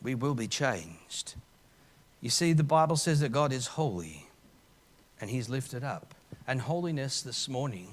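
A man preaching a live church sermon, earnest, moving between quiet reflection and impassioned emphasis, with frequent restarts. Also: mid-range voice. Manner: frequent restarts and filler uhs. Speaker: pastor. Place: church service.

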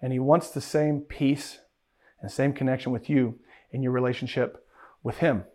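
A man's voice: medium pitch, fairly even intonation, normal speed, a little mellow. A man preaching a sermon, emphatic, who repeats key phrases and asks rhetorical questions.

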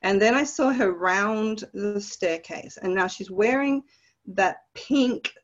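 A woman from Australia with an Australian accent, telling stories from her past as a guest in an interview with animated, vivid detail. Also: medium pitch, slow, muffled recording. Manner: animated, vivid storytelling with laughs. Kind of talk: storytelling in a podcast interview.

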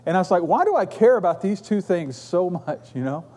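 Man, high voice, middle-aged, earnest conversational preacher. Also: very animated, fairly quick, warm tone. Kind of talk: sermon.

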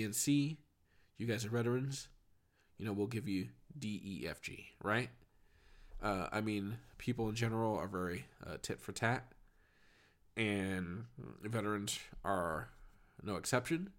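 A man, a veteran, giving casual, emphatic opinion commentary and often checking in with his viewers. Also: lowish voice. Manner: fast, emphatic, keeps checking in with "okay?" and "right?".

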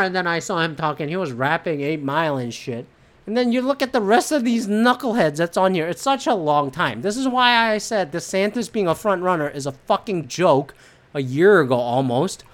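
A woman hosting a solo podcast, ranting about politics bluntly and profanely, rambling with lots of fillers and restarts. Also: mid-range voice. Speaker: podcast host. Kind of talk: solo political commentary rant.

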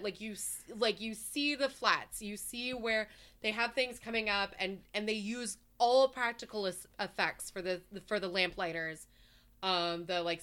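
A woman's voice: mid-range voice, sharp tone. A woman co-hosting a casual podcast, ranting animatedly about a film, swearing and laughing as she goes. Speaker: podcast co-host. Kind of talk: casual chat, ranting movie review.

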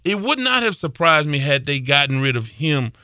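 Bright, crisp sports talk host. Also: male voice, fairly high pitch, sing-song, normal speed, dry recording, studio quality. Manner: thinks aloud with many uhs, opinionated. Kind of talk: casual sports chat.

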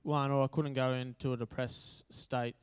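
A man's voice: mid-range voice, flat delivery, normal speed, clean tone. An Australian man giving a casual, chatty sermon at church, joking and using lots of fillers. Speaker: preacher. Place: church hall.

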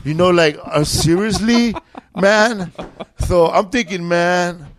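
A man's voice: sits high, slow pace, a little hiss or hum. A man, a comedian guest, telling a rambling, profane story with bursts of laughter in a casual chat.

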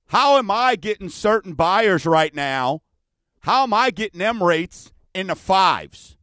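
A man's voice: high voice, big pitch swings, unhurried, fairly bright tone, no echo. Chatty rambling male show host. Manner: rambling, chatty, many fillers. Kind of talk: casual radio-style chat.

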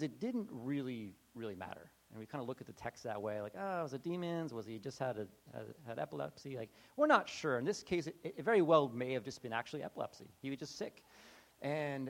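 Lively, conversational male preacher. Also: medium pitch. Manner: conversational, acts out quoted voices, many restarts. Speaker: pastor. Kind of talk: casual sermon.

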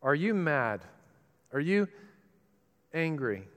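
A male pastor preaches with passion, his fairly high, resonant voice carrying through a large sanctuary with a long reverb tail. He pushes some lines out loud and drops others to a hush. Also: big pitch swings. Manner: impassioned preaching, swinging between loud emphatic bursts and soft, slow lines. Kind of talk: sermon.

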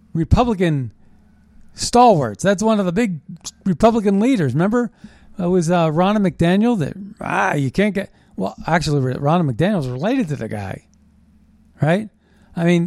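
Fired-up male host, sarcastic ranter, warm tone, dry close sound. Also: high voice, no room sound. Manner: animated, indignant, sarcastic ranting. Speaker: political commentary host. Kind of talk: opinionated political monologue.

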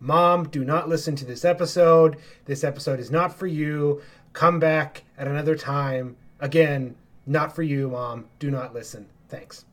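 A man delivers a quick recorded message in a fairly high voice. He is mock-stern and repeats himself for effect. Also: fairly even intonation. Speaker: podcast co-host.

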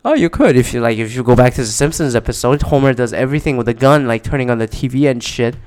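A man's voice: mid-range voice, animated, fast, a little mellow, smooth. A man in a casual, rambling monologue, exasperated and swearing often.

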